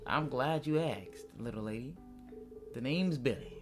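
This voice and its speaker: A man voicing a pushy, smooth-talking male traveling salesman in a game, with slow, drawn-out patter. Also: medium pitch, music in the background, natural voice. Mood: smarmy.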